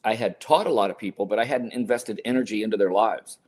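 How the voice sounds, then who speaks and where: A man in his sixties, a podcast guest telling personal stories in an interview and acting out the quoted lines with lively energy. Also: lowish voice, quick pace. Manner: animated storyteller acting out quotes. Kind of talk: storytelling interview.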